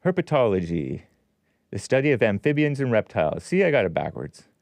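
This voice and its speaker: On a dry recording, a host with a low, gravelly voice moves briskly through a news story on his show. Sarcastic asides keep interrupting the reading, delivered with lively swings in pitch.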